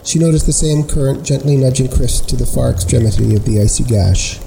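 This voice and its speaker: Mellow-voiced man narrating a story. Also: medium pitch, creaky, a little hiss or hum, poor audio. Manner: measured, unhurried storytelling. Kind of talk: scripted narration.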